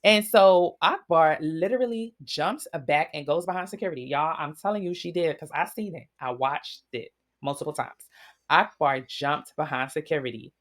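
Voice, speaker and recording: Low-voiced and talking at normal speed, this woman runs a laid-back recap of reality-show gossip. Her storytelling is animated, blunt and full of profanity.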